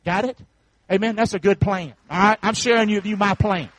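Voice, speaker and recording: A man preaches a sermon in a high, bright-pitched voice. He calls out to the congregation for answers and swells into shouts. The sound is dry and close. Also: lively intonation, fairly quick, no room sound, poor audio. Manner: preachy call-and-response, rising to shouts. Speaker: pastor.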